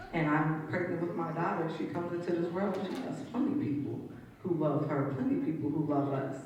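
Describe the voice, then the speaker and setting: A woman's voice: low voice, a little mellow, slight background noise. A woman giving a personal testimony in a church, retelling her story in a conversational, vivid way. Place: church sanctuary. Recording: echoey room, distant mic, audience.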